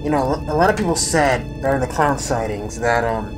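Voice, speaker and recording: A man narrating a mock news report, moving from an ominous build-up to lively storytelling. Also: mid-range voice, normal speed, over music. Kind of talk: scripted mock documentary narration.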